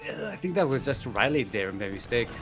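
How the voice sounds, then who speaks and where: A man's voice: mid-range voice, sing-song, a little fast, over music. A man casting a live strategy-game tournament, rambling and jokey, chuckling often, with many fillers. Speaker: esports caster.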